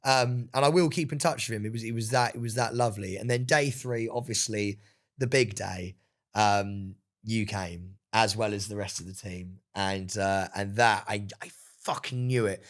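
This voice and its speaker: A young man, chatting casually as a podcast guest, telling an animated story and calling everyone "mate". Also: lowish voice, moderate pace. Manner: animated storytelling, swears, says "mate" a lot. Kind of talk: casual chat. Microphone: studio microphone.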